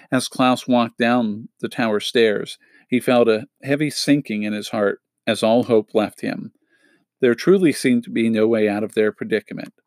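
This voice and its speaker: A man reading a children's novel aloud in a steady, measured storytelling manner. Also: medium pitch, dry recording. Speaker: audiobook reader.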